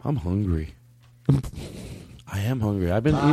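A man's voice: on the low side, expressive, measured pace, loud music behind the voice. A man hosting a podcast, rambling and laughing easily, often repeating himself. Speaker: podcast host. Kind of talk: casual podcast chat.

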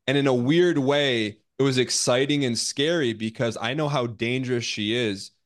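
A man reality show contestant answering interview questions, often restarting his sentences. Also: medium pitch. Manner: halting, with many restarts and fillers.

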